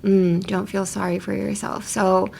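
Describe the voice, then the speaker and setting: A young adult woman hosting a casual English lesson podcast, chatty and laughing often as she slowly models phrases. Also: medium pitch, little pitch movement, gravelly, a little mellow, slight background noise. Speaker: English teacher host.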